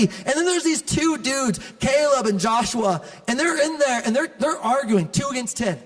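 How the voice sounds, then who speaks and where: A male pastor preaching an animated, conversational sermon with humor to a church congregation. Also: very high-pitched, moderate pace, few pauses, big-room sound. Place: large church auditorium.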